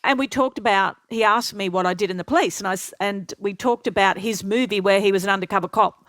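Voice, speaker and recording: An older woman from Australia, a podcast guest telling lively anecdotes and acting out the voices of the people in them. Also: mid-range voice, fast talker, dry recording. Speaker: interview guest. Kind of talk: storytelling interview.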